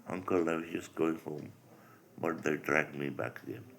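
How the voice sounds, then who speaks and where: A man's voice: rumbling low, normal speed, creaky, fairly bright tone, full character voice. A man voicing a feverish, homesick young boy in plainly read-aloud lines from a story. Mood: pleading. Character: feverish sick young boy longing for home.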